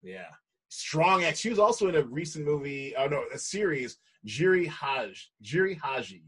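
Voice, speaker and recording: A man's voice: on the high side, lively intonation, normal speed, husky. An American man co-hosting a podcast, chatting casually and rambling, with lots of restarts and easy laughs. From United States. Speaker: podcast co-host. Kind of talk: casual chat.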